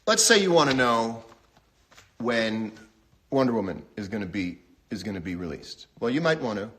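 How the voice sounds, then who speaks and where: A man hosts a loose livestream from home, his voice sitting a little low. He rambles from joke to joke with a wry, deadpan humor and often jumps suddenly up in pitch. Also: normal speed. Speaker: host. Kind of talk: casual livestream monologue. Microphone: phone livestream.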